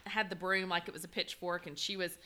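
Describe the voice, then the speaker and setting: A woman's voice: fairly low pitch, steady tone, brisk, sharp tone. A woman in her forties, telling a funny story in casual chat, laughing often with lots of fillers. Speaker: podcast co-host.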